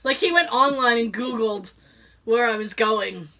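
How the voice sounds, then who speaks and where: A woman's voice: on the high side, unhurried. A middle-aged woman co-hosting a podcast, telling a story in casual chat and acting out the voices of the people in it. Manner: animated, acts out quoted voices, laughs often. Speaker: podcast co-host.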